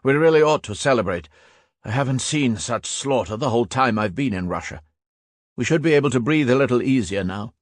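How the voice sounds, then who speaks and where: A man voicing a hardened male veteran soldier who barks orders loudly in an audiobook. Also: mid-range voice, animated, a little fast, no echo, clean studio sound, pitched above the performer's own voice, natural voice. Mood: commanding.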